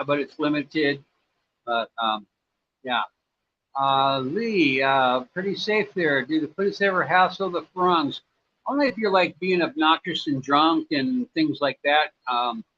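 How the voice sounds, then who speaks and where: A man from the United States hosting a casual livestream, answering viewer questions in a rambling, laid-back way with lots of fillers. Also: fairly high pitch. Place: his home in Cambodia. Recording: slightly dull sound, faint background noise.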